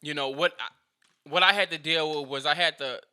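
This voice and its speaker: A man hosting a casual podcast, asking questions and rambling through animated restarts. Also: a little high, normal speed, smooth. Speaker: podcast host.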